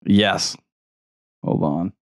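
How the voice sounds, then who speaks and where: A man co-hosting a casual sports podcast, chiming in with short deadpan remarks. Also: low-pitched, very slow, slight background noise. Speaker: podcast co-host.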